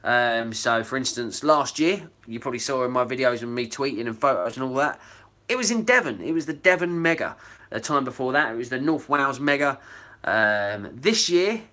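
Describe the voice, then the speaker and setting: Man, bright tone, rambling live-stream host, chatty with fillers. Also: mid-range voice, lively intonation, moderate pace. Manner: chatty, reads out viewer comments, rambling with fillers. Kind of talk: casual live-stream chat.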